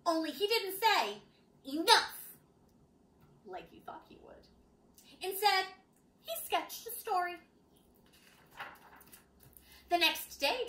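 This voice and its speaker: A woman reading a picture book aloud to children, playful and expressive, with dramatic pauses and wry asides. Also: very high-pitched, echoey room, rough recording. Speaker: children's storytime reader.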